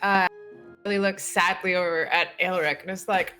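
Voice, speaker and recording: A woman's voice: lowish voice, fairly even intonation, normal speed, bright, forceful tone, faint music behind. A woman playing a tabletop game, casual and joking. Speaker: player.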